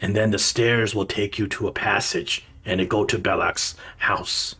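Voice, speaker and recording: A meek, unarmed bugbear gives directions in slow, broken grammar, as a man plays him. The voice sits a little low and soft. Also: steady tone, husky, full character voice. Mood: plain.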